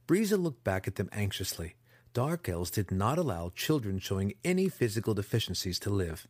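A man narrating a fantasy audiobook in an expressive, dramatic storytelling style on a close mic. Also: fairly low pitch, normal speed, breathy edge, no room sound.

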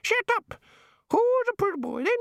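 A man voicing a shrill flock of budgerigars that squawk back overheard phrases. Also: very animated, normal speed, gravelly, a bit bright, no room sound, clean studio sound, full character voice. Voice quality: screeching, squawky.

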